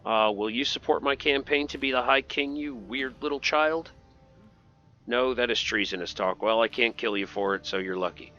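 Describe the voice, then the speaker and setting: A man's voice: medium pitch, normal speed, bright, forceful tone, highs cut off, soft background music. A man giving casual, joking commentary over gameplay and talking back to game characters. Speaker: gaming video host.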